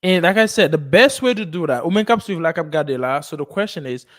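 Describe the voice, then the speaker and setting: A man's voice: on the high side, expressive, a bit bright, no room sound, studio quality. Man coaching English pronunciation. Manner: coaching, repeats phrases slowly, mixes Haitian Creole and English. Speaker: English teacher. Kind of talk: live online English lesson.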